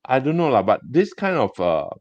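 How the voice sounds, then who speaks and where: A man with a Singaporean English accent, a gem business owner telling stories in a casual interview, chatty and halting with many restarts. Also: mid-range voice, very animated, dry recording. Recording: dull dry lo-fi sound.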